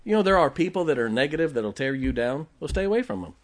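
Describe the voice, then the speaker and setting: A man's voice: a little high, very animated, fast talker. A man preaching a sermon as pastor, emphatic, with rhetorical questions, joking asides and check-ins with the congregation.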